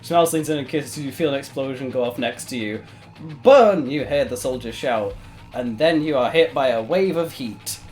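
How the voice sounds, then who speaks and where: A man streaming a text adventure game, reading it aloud and reacting with sudden loud outbursts. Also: mid-range voice, normal speed. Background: faint background music.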